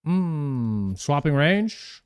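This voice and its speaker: A man's voice: on the high side, very animated, extremely slow, clean tone. A man streaming a video game live, chatting casually and thanking viewers by name.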